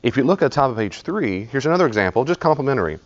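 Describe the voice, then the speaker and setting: A man's voice: mid-range voice, big pitch swings, racing. A man leading a live study group, teaching in a conversational way, often repeating himself and putting questions to the group. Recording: dull lo-fi live recording.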